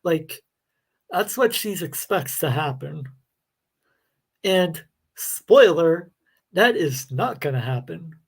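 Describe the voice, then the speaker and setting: A man's voice: a little high, lively intonation, takes it slowly, creaky, long pauses, husky. A man hosting a live reaction video, commenting in a sarcastic, exasperated way. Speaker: host.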